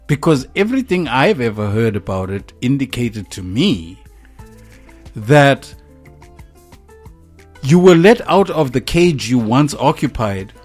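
A man's voice: medium pitch, sing-song, unhurried, long pauses, darkish tone, faint music behind. A man from Africa, a guest in a conversational discussion, speaking emphatically and laughing often.

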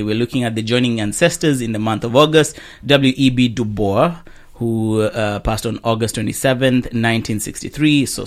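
A man hosting a community radio show, his talk conversational and broken by frequent laughter. The studio sound is dry, with almost no room echo. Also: mid-range voice. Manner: conversational, laughs often, fillers.

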